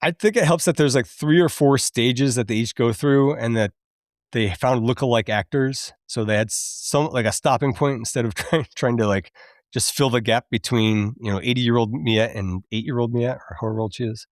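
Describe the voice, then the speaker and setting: A man in his thirties hosting a podcast, chatty and quick to laugh as he recaps a film and admits it moves him. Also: mid-range voice, no echo, clean studio sound. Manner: chatty, laughs often, openly emotional. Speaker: podcast host.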